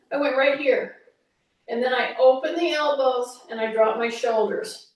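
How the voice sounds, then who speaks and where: High-voiced woman coaching a slow workout. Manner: chatty, coaching, teasing. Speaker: fitness instructor. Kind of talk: workout instruction. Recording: echoey room, voice from a distance.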